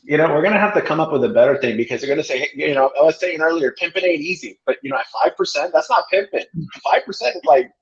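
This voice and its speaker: A man's voice: on the high side, fast, hardly any pauses. A man co-hosting a casual livestream, talking in a playful, jokey, riffing way. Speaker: livestream co-host. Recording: dull lo-fi stream audio.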